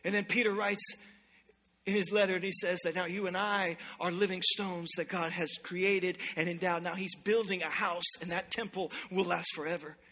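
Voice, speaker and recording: A man's voice: high-pitched, fairly even intonation, normal speed, bright, forceful tone. A man preaching a sermon to a church congregation, urgent and impassioned. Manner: impassioned preaching, acting out God's voice in quotes. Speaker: pastor.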